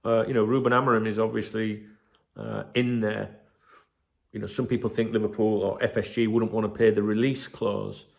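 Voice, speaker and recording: With a lowish voice, little pitch movement, moderate pace and vocal fry, a man rambles through casual solo commentary on his football fan channel. He swears freely and drifts into fillers and asides.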